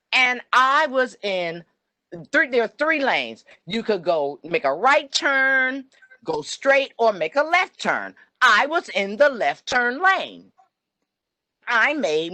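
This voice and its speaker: An older woman telling a personal story on a video call, animated and acting out the voices she quotes. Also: mid-range voice, no echo. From New Jersey. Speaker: webinar presenter.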